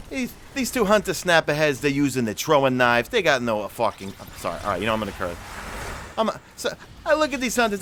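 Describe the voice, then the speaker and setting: A man's voice: mid-range voice, a bit bright, a little hiss or hum. A man with a thick New York accent putting on a boastful, cursing Titan brawler from the Bronx, telling a tough-guy game story. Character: brash swaggering male Titan brawler from the Bronx.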